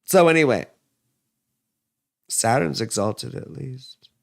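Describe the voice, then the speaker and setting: A man's voice: medium pitch, animated, takes it slowly, gravelly, no echo, studio quality. A man in his thirties giving a casual, rambling astrology and tarot reading, full of asides and fillers.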